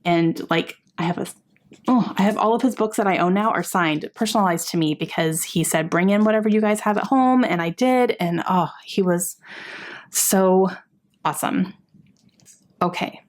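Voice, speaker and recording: A woman's voice: lowish voice, normal speed. Young female book vlogger, casual and chatty, prone to exasperated sighs. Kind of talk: casual book review chat.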